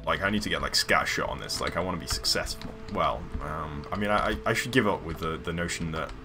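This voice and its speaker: A man's voice: rumbling low, fast. A man chatting casually while live-streaming a game, rambling with lots of ums and restarts. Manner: rambling, hesitant, many fillers and restarts. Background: background music.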